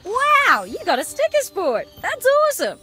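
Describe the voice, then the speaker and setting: A woman's voice: very high voice, wildly swooping pitch, normal speed, sharp tone, soft background music, full character voice. A woman voicing a cheerful young female cartoon puppy in a video game, with bubbly, sing-song praise. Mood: delighted.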